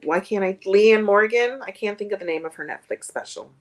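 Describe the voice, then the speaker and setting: A woman's voice: mid-range voice, lively intonation, a little fast. A woman comedian chatting as a guest on a streamed video call, rambling with many fillers. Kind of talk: casual interview chat.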